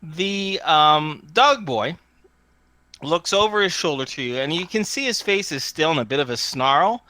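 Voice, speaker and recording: A man's voice: on the high side, lively intonation, measured pace, pushed and bright. A man narrating as game master in a tabletop game, rambling a bit with fillers.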